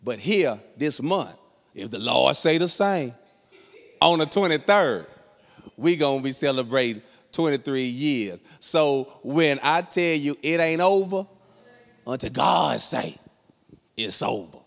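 Speaking unhurriedly with a voice on the high side and some vocal fry, a middle-aged comedian tells a comic story on stage. He's animated and imitates the voices of the characters in this storytelling stand-up, all with a big-room sound.

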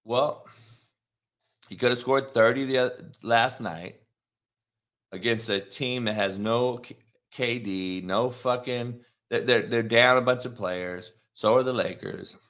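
A man hosting a sports talk show, ranting in a heated, profane way that swings from muttering to shouting. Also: medium pitch, slow.

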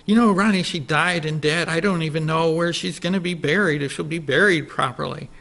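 A man's voice: fairly high pitch, a little fast, vocal fry, a bit bright. A man putting on his fretful, easily outraged old mother. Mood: fretting. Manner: exclaiming, indignant.

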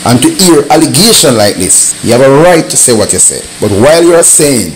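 A man's voice: medium pitch, sing-song, brisk, few pauses, slight background noise, poor audio. A man with a Jamaican accent, speaking in patois and making an indignant rebuttal as a vlogger. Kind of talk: heated commentary rebuttal.

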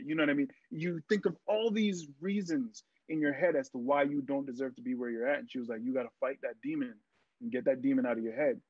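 A young man and actor, a podcast guest, telling stories in a casual interview, lively and full of fillers as he acts out what people said. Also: medium pitch, quick pace, dry recording. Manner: animated storyteller, acts out quotes, many fillers. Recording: dry, muffled lo-fi sound.

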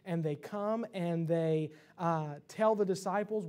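High-voiced impassioned male preacher. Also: a little slow, a little mellow. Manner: impassioned preaching with many restarts. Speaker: pastor. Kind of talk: sermon. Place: church sanctuary.

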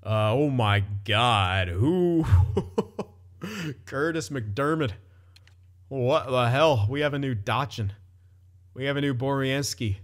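A young gaming commentator casually narrates his own hockey game, chatting, laughing often and swearing loosely. His voice is medium in pitch, and he speaks slowly with long pauses.

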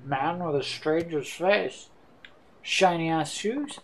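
A man's voice: a little high, takes it slowly, a little hiss or hum. A man co-commentating a video game casually, teasing his partner and reading out text from the screen. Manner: teasing, reads out on-screen text, jokes along. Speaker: let's play co-host.

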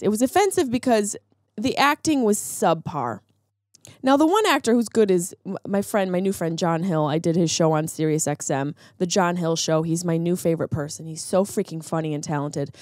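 Animated ranting woman podcast host. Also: mid-range voice, no room sound, clean studio sound. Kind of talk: casual comedic monologue.

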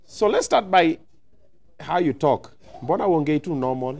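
A man in his thirties hosts a relaxed talk show interview, his voice sitting a little high for a man. He teases his guest playfully and slips easily between English and Swahili as he chats. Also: moderate pace, gravelly. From Nigeria. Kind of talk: casual interview chat.

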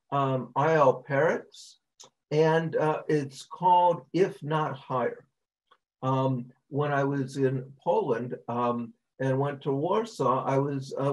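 Slow, halting rabbi telling a story. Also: male voice, medium pitch, darkish tone, poor audio. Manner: halting, with frequent ums and uhs. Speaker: rabbi teaching a class. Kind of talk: storytelling in a lecture.

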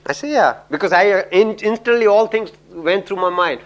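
A man's voice: high-pitched, a little fast, lo-fi sound. A middle-aged man from India giving a lecture on communication, telling anecdotes in a chatty way with many "you know"s and laughs.

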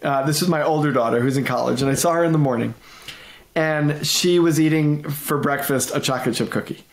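Animated middle-aged man in an echoey room. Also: a little high, a little fast. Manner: animated, repeats and restarts, laughs often, acts out quotes. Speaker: guest, management consultant and author. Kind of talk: conversational interview storytelling.

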